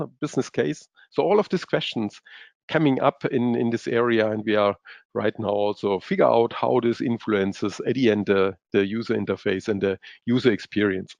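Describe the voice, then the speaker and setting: A man presents in a webinar, his non-native English halting and filled with pauses and fillers. His voice sits in an ordinary middle pitch. The sound is dry and muffled, like lo-fi online meeting audio. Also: vocal fry, darkish tone, no echo. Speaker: guest expert presenting in a webinar. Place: based in Europe.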